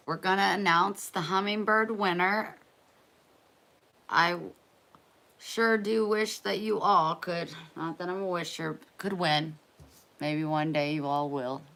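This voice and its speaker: A woman hosting a casual live stream, chatty and playful, easily excited. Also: deep voice.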